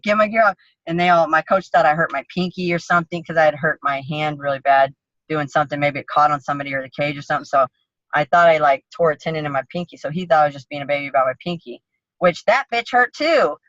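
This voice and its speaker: A woman's voice: lowish voice, a bit bright, no echo. A woman MMA fighter guest telling a story in a blunt, profane, vivid way in a casual interview. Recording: dull lo-fi sound.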